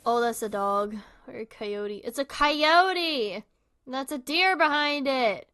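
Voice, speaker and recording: A livestream host with a high, animated voice takes it slowly as she gives rambling, casual reaction commentary into a close mic. Her tone is fairly bright, clear, and resonant, and her chatter is full of fillers.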